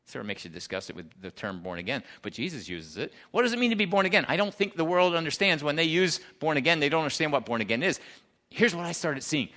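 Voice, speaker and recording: Lively, bright-voiced preaching man. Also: a little high, fast. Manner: emphatic, swings between loud declarations and hushed asides; asks the congregation questions. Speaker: pastor. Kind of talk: sermon.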